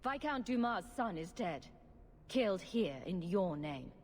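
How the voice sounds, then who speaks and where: An actress playing a blunt, stern guard captain in a video game, speaking firmly and matter-of-factly. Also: female voice, mid-range voice, expressive, measured pace, a little mellow. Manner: blunt, firm, matter-of-fact. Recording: long reverb with faint noise.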